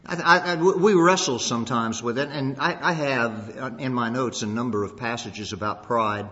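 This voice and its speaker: A man's voice: medium pitch, moderate pace, sharp tone. A male pastor delivers a sermon in a church sanctuary, earnest and pressing, doubling back on words as he stresses each point. His voice rings out with a long reverberant tail. The recording is dull and lo-fi. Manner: earnest, repeats words when emphasizing.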